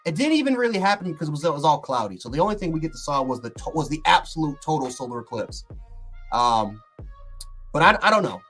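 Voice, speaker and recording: A man hosting a casual livestream, talking in an excitable, rambling way with lots of fillers and restarts. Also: a little high, fast talker, breathy edge, faint music behind. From Buffalo, New York. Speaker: sports channel host.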